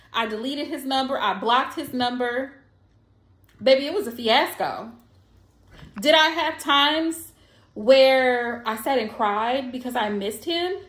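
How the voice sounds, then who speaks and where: A high-pitched woman gives blunt, emphatic advice in a casual monologue, repeating her lines to drive them home. Her voice rings in an echoey room. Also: a bit bright. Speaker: tarot reader.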